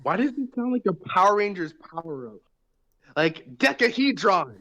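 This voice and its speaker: A man's voice: high-pitched, big pitch swings, moderate pace, bright, forceful tone, dull audio. A young man co-hosting a casual chat over voice chat, joking and riffing on words. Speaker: podcast co-host. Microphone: voice chat headset.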